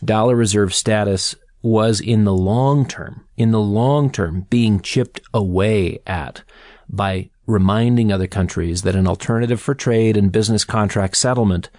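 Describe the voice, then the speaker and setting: A man co-hosting a financial podcast, explaining economics in a measured, storytelling way. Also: fairly low pitch, darkish tone, no room sound, clean studio sound. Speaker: co-host and commentator.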